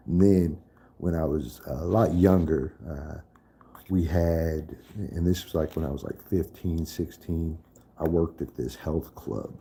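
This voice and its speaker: A man's voice: rumbling low, steady tone, measured pace, dark tone, a little hiss or hum. A man in a casual live stream chat, profane and trash-talking, laughing often.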